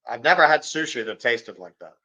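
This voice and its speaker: A man co-hosting a podcast, trading dry, deadpan wisecracks in casual banter. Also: mid-range voice, fairly quick, low-quality recording.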